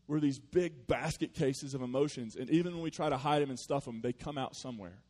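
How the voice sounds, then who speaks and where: A man preaching a sermon in a conversational, storytelling way with playful asides, moving between loud animated bursts and quiet earnest passages. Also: mid-range voice, fairly quick, hardly any pauses, dry recording. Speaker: pastor.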